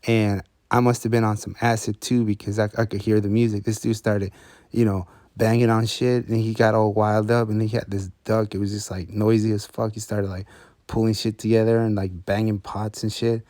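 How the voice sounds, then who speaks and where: A man with a fairly low, mellow voice recounts a wild tale in loose street slang, cursing freely. His delivery is relaxed and casual. The sound is close and dry with no room echo. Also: normal speed. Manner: profane, laid-back street slang. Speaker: storyteller.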